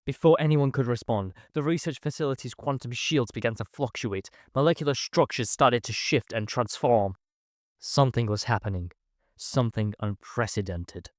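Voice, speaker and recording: A man reading a first-person science fiction story in a measured, dramatic storytelling manner. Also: mid-range voice, dry recording, studio quality. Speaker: narrator. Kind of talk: scripted first-person sci-fi narration.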